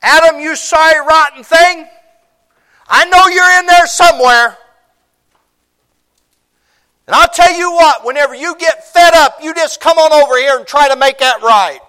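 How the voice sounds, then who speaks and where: A man's voice: medium pitch, expressive, moderate pace, long pauses. A man voicing God, calling out for Adam in the garden during a sermon. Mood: bellowing. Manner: loud, bellowing call.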